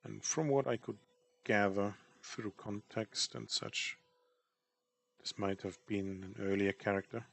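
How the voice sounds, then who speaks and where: A man's voice: lowish voice, fairly even intonation, unhurried, creaky, a bit bright, a little hiss or hum. A man chatting casually while drawing on stream, rambling and self-deprecating about his work. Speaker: artist streamer.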